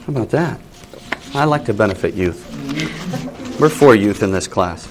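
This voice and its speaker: A man's voice: fairly low pitch, normal speed, noisy background. Man, class teacher, casual and joking, reads passages then riffs on them. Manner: joking and lively, reads aloud then comments. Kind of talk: casual Bible class talk with reading aloud.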